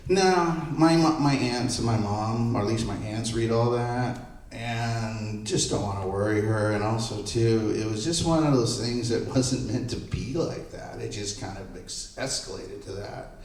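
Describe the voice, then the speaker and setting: A man's voice: lowish voice, a little slow. A middle-aged man, a photographer speaking on a panel, telling anecdotes and acting out the voices of the people in them. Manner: animated, acts out quoted voices. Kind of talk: anecdotal storytelling at a live panel. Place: panel event room. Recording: echoey room, mic far off.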